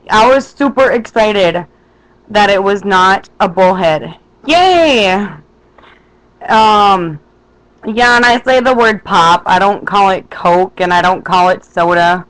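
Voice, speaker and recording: A chatty speaker with a Minnesotan accent tells small stories straight into a webcam. The delivery is animated and playful, full of little asides. The voice sits at a middling pitch and is picked up by the webcam's built-in mic indoors. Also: rough recording. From west central Minnesota. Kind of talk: casual vlog chat to a webcam. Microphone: webcam microphone.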